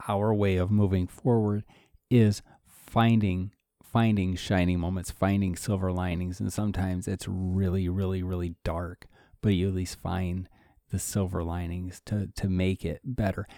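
Mellow low-voiced man co-host. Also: level tone, no room sound, clean studio sound. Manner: thoughtful and measured, with fillers. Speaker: podcast co-host and writer. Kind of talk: casual conversation.

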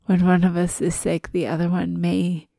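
A woman co-hosts a relaxed podcast with a stuffy head cold. Her voice is low, gravelly and dark, with a flat, slow delivery. The sound is dry and close. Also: dry recording. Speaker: podcast co-host. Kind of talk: casual podcast chat.

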